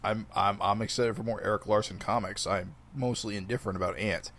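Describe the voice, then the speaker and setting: A man's voice: lowish voice, fairly even intonation, fairly quick, fairly bright tone. A man co-hosting a podcast, chatting casually in a blunt, plain-spoken way. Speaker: podcast co-host. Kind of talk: casual chat.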